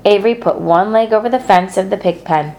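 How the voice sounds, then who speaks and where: A woman reading a children's novel aloud as narrator, with a steady, gentle delivery. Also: mid-range voice, brisk. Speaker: storybook narrator.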